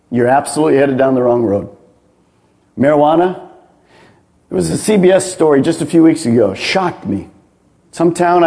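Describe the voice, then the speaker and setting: A man's voice: fairly high pitch, a little mellow. A man, a pastor, preaching a sermon with emphatic rhetorical questions.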